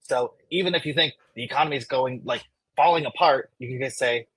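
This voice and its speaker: A man co-hosting a fitness podcast who speaks in a measured, coaching way. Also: mid-range voice, a bit bright, breathy edge, no room sound, rough recording. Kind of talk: casual podcast chat.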